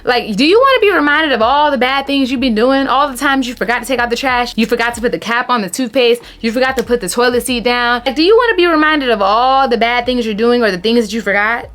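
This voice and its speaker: Woman in her 30s, slightly high voice, emphatic casual vlogger tone, relationship advice to camera. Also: fast talker, hardly any pauses. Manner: animated, emphatic, calls viewers honey.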